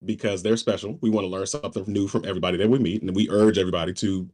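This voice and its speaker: A man hosting a podcast, speaking in a laid-back, drawn-out announcing manner. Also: low voice, steady tone, darkish tone. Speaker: podcast host. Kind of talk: casual chat.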